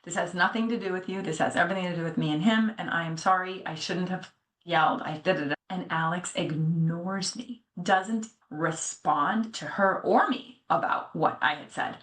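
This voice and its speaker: A middle-aged woman telling a personal story in a candid, animated way, often slipping into the voices of people she quotes. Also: lowish voice, normal speed. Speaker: podcast co-host. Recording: echoey room.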